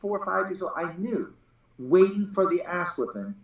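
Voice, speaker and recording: A man's voice: sits high, animated, normal speed, creaky. A man, a Taoist teacher, talking in a casual podcast conversation, blunt and profane, often acting out what others say. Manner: blunt and profane, acts out quoted voices. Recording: very echoey, dull-sounding room recording.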